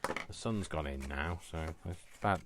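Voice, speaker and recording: A man's voice: deep voice, moderate pace, very noisy. A man hosting a casual crafting tutorial at home, rambling and self-mocking as he works. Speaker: crafting video host. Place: room at home.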